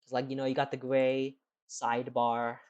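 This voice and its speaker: A man's voice: mid-range voice, completely flat delivery, normal speed, a little mellow, dull audio. A man streaming live, rambling casually as he answers chat questions, with lots of "like" and "you know.".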